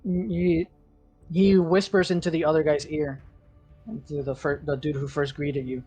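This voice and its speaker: A man game master narrating a tabletop scene, meandering through fillers and restarts. He talks slowly in a slightly husky voice, over soft background music. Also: a little high, level tone. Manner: rambling, lots of likes and restarts.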